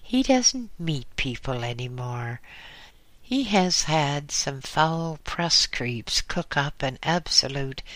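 A reader voicing a chatty, confiding woman in an audiobook, speaking slowly. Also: mid-range voice, sharp tone, dry recording.

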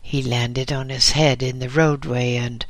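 A man's voice: mid-range voice, flat delivery, no echo, close to an everyday voice. A man doing a weak, dying silversmith. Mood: bitter. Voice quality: weak, faint voice. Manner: bitter, halting. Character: dying male convict silversmith, bitter and weak.

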